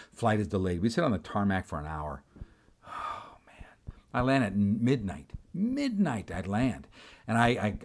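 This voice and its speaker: A middle-aged man, a preacher, telling a dramatic, exasperated story in a storytelling sermon. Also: mid-range voice.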